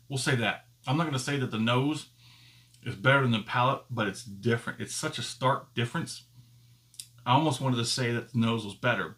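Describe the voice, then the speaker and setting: A man who runs his own whiskey review channel speaks to the camera in a relaxed, unhurried manner. His voice is mid-range and slightly bright, and he often pauses to find his words as he thinks out loud.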